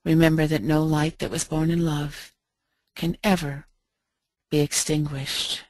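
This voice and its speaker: A middle-aged American woman telling a heartfelt personal story in a gentle, slow, reflective way with soft pauses. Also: low-pitched, level tone, dry recording. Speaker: speaker.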